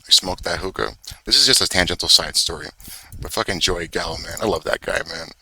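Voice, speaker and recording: Screen-sharing as he talks, a young vlogger spins a meandering, foul-mouthed story riddled with fillers and corrections of himself. He speaks fairly quickly in a deep, sharp, slightly rough voice, captured on a rough recording.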